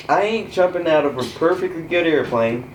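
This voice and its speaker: A teenage boy as a podcast guest, speaking in a dry, sarcastic, deadpan way. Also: a little high. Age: teens. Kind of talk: casual podcast chat. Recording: echoey room, light noise.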